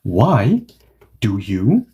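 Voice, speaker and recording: A man's voice: fairly low pitch, wildly swooping pitch, extremely slow, warm tone, muffled recording. A man teaching a Korean grammar lesson, explaining word order and acting out example sentences with lots of "okay" and "yes" asides.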